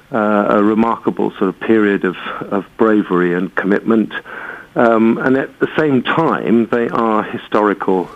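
Low-voiced man on a phone line. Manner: measured, thoughtful, hesitant with ums.

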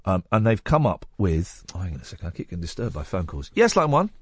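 A man's voice: quick pace, breathy edge, no echo. Guy on late night radio, rambly and jokey, voice bounces all over, dry studio sound. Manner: rambling, jokey, lively pitch swings. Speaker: radio host. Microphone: studio microphone.

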